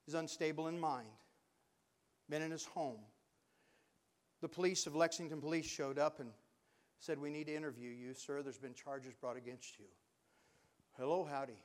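An older man preaches a sermon in a high, smooth voice. He tells folksy stories, then rises to fervent exhortation. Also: fairly even intonation, moderate pace, long pauses.

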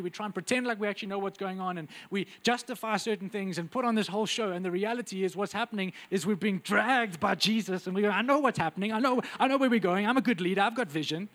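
A man preaching a sermon with intense, urgent delivery that drops to quiet, intimate asides. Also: high-pitched.

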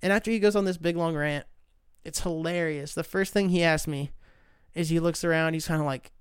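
Male host, loose and profane comic storyteller; smooth tone, close dry mic. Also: on the high side, brisk, no room sound. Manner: profane, rambling, animated. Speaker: podcast host. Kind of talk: casual comedic storytelling monologue.

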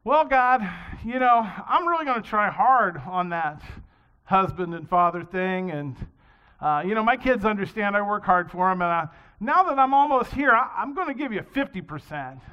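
A man's voice: high voice, lively intonation, moderate pace, clean tone. A preacher acting out a swimmer who haggles with God over his promises, in a dull lo-fi recording. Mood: haggling. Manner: wheedling, haggling. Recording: dull lo-fi sound.

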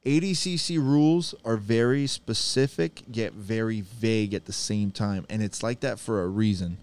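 Smooth low-voiced man in casual banter. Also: moderate pace. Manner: laughing, profane, animated banter. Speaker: podcast co-host. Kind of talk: casual chat.

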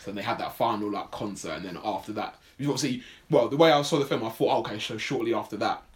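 A man's voice: fairly low pitch, fast. A man co-hosting a podcast in casual chat, telling stories in a rambling way full of "like" and restarts. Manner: rambling, filler-heavy storytelling with lots of "like". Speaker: podcast co-host.

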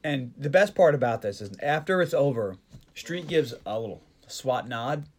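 A man's voice: mid-range voice, lively intonation, normal speed. A man hosting a podcast, recapping a movie in casual chat and joking as he tries out character voices. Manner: joking, mock-doing character voices and accents. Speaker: podcast host.

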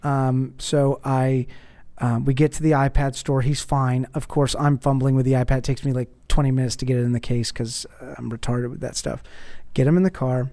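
A man hosting a podcast, telling a comic story in an animated way, swearing freely and acting out the quotes. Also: medium pitch, normal speed.

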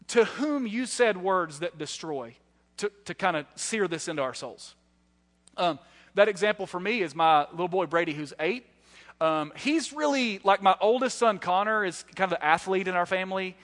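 A man in his thirties preaching a sermon in a reverberant hall. His voice sits high and sounds bright and forceful. He tells animated, self-deprecating stories between points. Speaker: guest preacher. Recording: echoey hall.

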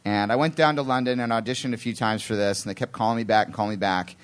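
A man telling a long, self-deprecating anecdote on a live theatre stage, rambling and slipping into quick impressions of other people. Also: on the low side, clear, resonant tone. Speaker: comedian guest telling a story.

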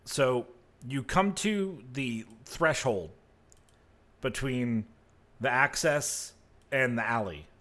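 Man, game master, slow relaxed narration, fillers, mid pitch.

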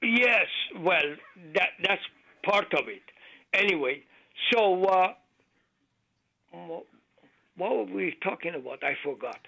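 A man calling in to a radio show, telling a joke haltingly with many fillers and non-native grammar. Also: high voice, expressive, creaky, bright, forceful tone, rough recording. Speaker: caller.

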